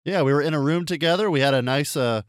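Quick and a little high-voiced, this comedy podcast co-host narrates an absurd invented scene as game narrator, joking, laughing often and lapsing into silly voices. The recording is dry and studio quality.

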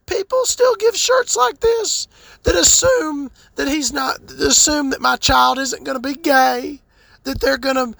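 Mock cry-voice: a guy putting on a whiny, sobbing grown man, high and gravelly, slow and drawn out. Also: a bit bright, no room sound, exaggerated voice. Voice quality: high, wailing, tearful. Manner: mocking parody, drawn out.

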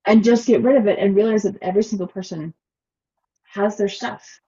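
A woman hosting a casual interview, talking in an animated, expressive way about emotions at work. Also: medium pitch, a little fast, highs cut off. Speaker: podcast host.

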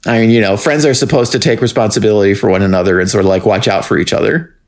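A man's voice: fairly low pitch, fast. A man co-hosting a podcast, chatting casually as he recaps a TV episode, rambling and laughing often. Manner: rambling, laughs often, breaks into silly singing. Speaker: podcast co-host. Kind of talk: casual chat recapping a TV show.

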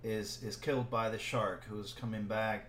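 A man's voice: on the low side, normal speed. A man co-hosting a casual movie podcast, rambling through a film recap with frequent laughs. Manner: rambling, laughs often, animated when joking. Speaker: podcast co-host. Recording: echoey room with faint ambient noise.

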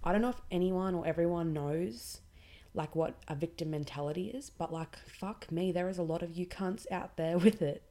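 A woman's voice: on the low side, normal speed, warm tone. A young Australian woman hosting her own podcast, ranting bluntly and swearing freely about people who play the victim. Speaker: podcast host. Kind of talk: casual ranting monologue.

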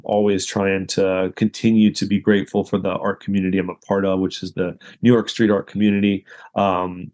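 A man speaking as a guest in a casual interview, pausing often with fillers. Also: deep voice, darkish tone. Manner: hesitant, many "uh" and "you know". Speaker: guest artist.

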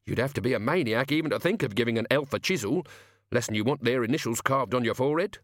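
A man voicing a gruff, blunt old manservant who mutters asides. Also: mid-range voice, animated, fast talker, no room sound, studio quality, close to an everyday voice.

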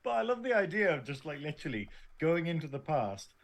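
Male podcast co-host, wisecracking and loose, slightly high pitch. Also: very animated, brisk. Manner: joking, laughs a lot, swears casually. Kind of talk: casual chat.

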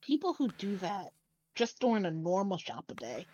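A woman's voice: medium pitch, very animated, moderate pace, darkish tone, dry recording, lo-fi sound. A woman co-hosting a podcast who jumps in to complain in casual chat. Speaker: podcast co-host.

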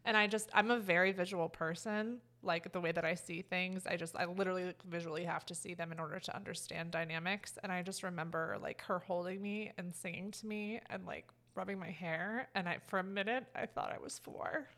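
A woman's voice: on the low side, fairly even intonation, fairly quick, few pauses, fairly bright tone. A woman co-hosting a podcast, talking in a casual, emotional way and rambling with many fillers. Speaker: podcast co-host. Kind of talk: casual heartfelt chat.

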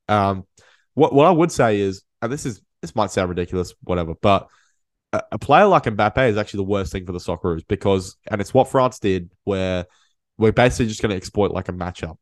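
A man hosts a casual podcast chat in a low voice, close and dry. He gets animated, tripping over and repeating his words as he pushes his point. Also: dry recording. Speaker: podcast host.

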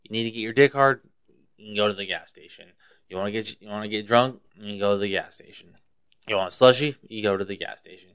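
A young man from Montana riffs on his solo podcast, swearing freely and rambling from one gripe to the next with real heat. His voice sits low and comes through smooth and clear. The sound is dry and close, with no room around it. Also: quick pace, a bit bright, no room sound. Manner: profane, rambling, fired up. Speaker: podcast host. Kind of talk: casual solo podcast rant.

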